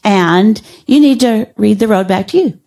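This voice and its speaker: An older woman, a guest on a podcast, telling stories in a measured, wry way. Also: mid-range voice, expressive, dark tone. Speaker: podcast guest, teacher and author. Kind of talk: conversational storytelling.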